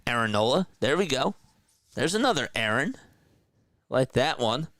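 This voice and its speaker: A man doing relaxed play-by-play commentary for a stream, chatting with his viewers between pitches. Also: moderate pace, dry recording. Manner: casual, chatty, talks to viewers. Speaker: play-by-play host. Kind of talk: amateur play-by-play commentary with chat.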